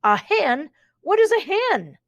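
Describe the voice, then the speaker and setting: A woman's voice: extremely high pitch, very animated, slow pace, dry recording, clean studio sound, pitched above the performer's own voice, full character voice. A woman voicing a young boy who is curious and scared in a storybook reading. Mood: bewildered.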